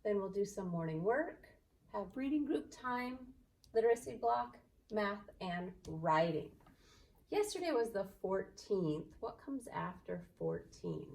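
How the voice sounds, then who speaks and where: Slow, gravelly-voiced woman teacher. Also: medium pitch, sing-song, recorded from a distance. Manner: gentle, cheerful, talking slowly to little kids. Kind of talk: virtual class morning meeting for young children. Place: indoors.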